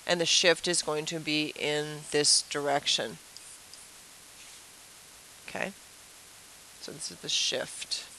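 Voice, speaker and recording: A woman's voice: low-pitched, fairly even intonation, slow, pauses often, sharp tone, a little hiss or hum, low-quality recording. A woman teacher giving a chatty review lesson at a whiteboard, asking the class questions and explaining with playful everyday comparisons.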